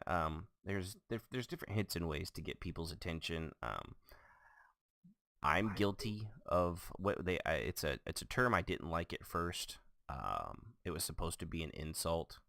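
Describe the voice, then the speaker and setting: A man's voice: sits low, animated, measured pace, gravelly, fairly bright tone, no echo, studio quality. A man hosting a casual podcast, joking and self-mocking as he talks. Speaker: podcast host.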